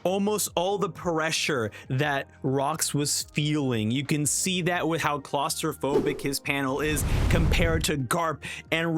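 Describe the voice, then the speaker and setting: A man hosting a casual manga reaction, excitedly talking through panels and quickly reading out lines. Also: on the high side. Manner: excited, reads dialogue in quick voices.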